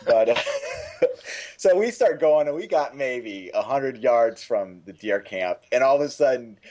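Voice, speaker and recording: Animated man telling a story. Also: mid-range voice, a little slow, muffled recording. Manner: animated, acts out quotes, frequent restarts and laughs. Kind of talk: casual storytelling chat.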